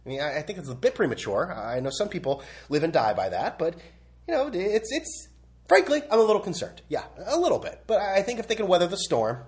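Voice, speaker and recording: A man's voice: high-pitched, big pitch swings, fast talker, darkish tone. A young man hosting a sports podcast, rambling and sarcastic in a casual opinion rant, blunt and full of restarts.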